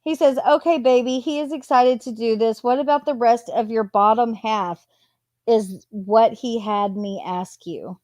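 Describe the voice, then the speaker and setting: Slow-reading woman with a higher voice. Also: fairly even intonation, a little mellow, no room sound. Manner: plain unhurried reading with casual asides. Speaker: channel host. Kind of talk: reading text messages aloud with commentary.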